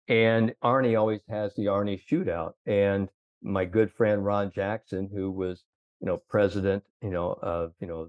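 A middle-aged man spins long, rambling stories full of "you know" and acted-out quotes. His voice sits on the low side. The sound is dry and a little dull. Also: no echo. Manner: rambling anecdotes with many fillers, quoting others. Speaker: guest, sports psychologist. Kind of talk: casual storytelling.

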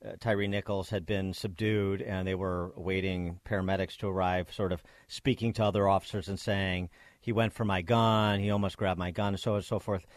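A man hosting a radio interview, asking long, measured questions with many fillers. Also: low voice, level tone, no room sound. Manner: measured, hesitant, many fillers between phrases. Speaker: radio host.

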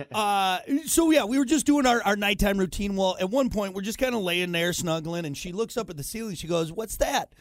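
Man, high voice, dry close studio mic, morning radio host, rambling self-mocking storyteller. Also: moderate pace, dry recording. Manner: self-deprecating storyteller, lots of fillers. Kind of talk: casual morning show banter. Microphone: studio microphone.

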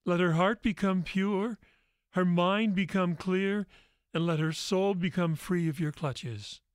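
A calm, commanding teacher, read aloud by a man in a spoken faith story. The voice sits slightly high and moves slowly, with each word weighed. The sound is dry and close. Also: smooth, no room sound. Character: gentle, firm male teacher Jesus.

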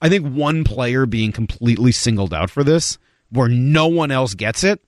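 A man from the northeastern United States hosts a sports talk show with a lively, swinging pitch. He banters fast with his co-hosts and reads news stories aloud. The recording is dry and close. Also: no room sound. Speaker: show host.

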